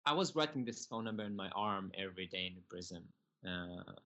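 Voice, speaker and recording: A young man from Syria, telling his personal story as a podcast guest in earnest, halting, broken English. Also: low-pitched, lively intonation, pushed and bright.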